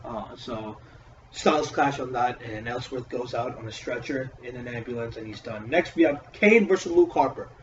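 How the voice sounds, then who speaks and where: A man's voice: mid-range voice, normal speed, a little hiss or hum. Profane, rambling man reviewing wrestling. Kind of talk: casual solo review. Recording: echoey room, distant mic, dull audio.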